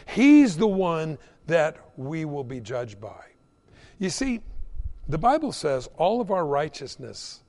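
Animated, high-voiced male preacher. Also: in a large hall. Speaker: pastor. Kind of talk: sermon.

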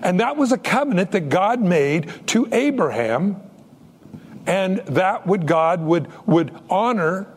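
A male pastor preaching a sermon, his husky voice ringing through a reverberant church hall. He tells stories with lively swings in pitch and acts out each character's lines. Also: slow. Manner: storytelling, acts out quoted dialogue.

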